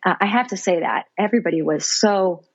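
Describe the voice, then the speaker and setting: Earnest breathy woman guest telling her story, slightly muffled dry recording. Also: fairly low pitch, a little fast, no echo. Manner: earnest, heartfelt, self-reflective. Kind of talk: personal storytelling in conversation.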